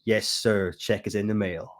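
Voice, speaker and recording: A cocky, brash trucker holding forth over his radio, as a Scottish man puts him on. The voice sits fairly low, and the American accent is loose and rough at the edges. It is delivered with plenty of swagger. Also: fairly even intonation, moderate pace, natural voice. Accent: Scottish attempting American. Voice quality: swaggering, self-admittedly bad put-on accent.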